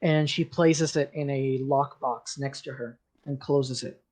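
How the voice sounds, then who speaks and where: A man's voice: mid-range voice, steady tone, a little mellow. A man narrating as game master for a tabletop role-playing game, loose and full of fillers. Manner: slow, loose narration with many fillers and restarts.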